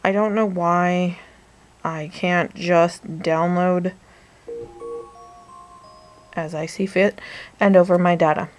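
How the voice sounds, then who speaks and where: A woman's voice: lowish voice, steady tone, slow, long pauses, soft background music. A woman vlogging casually from her bed at night, rambling through a story and now and then dropping to a whisper. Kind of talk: casual bedtime vlog chat. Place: bedroom, in bed.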